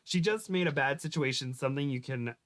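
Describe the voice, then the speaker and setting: Guy reading cringey fanfic out loud, medium voice, keeps cracking up and tripping on words. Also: medium pitch. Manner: reads aloud with stumbles and giggles, quick voice shifts for quotes. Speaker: podcast host reading fan fiction aloud. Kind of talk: comedic dramatic reading.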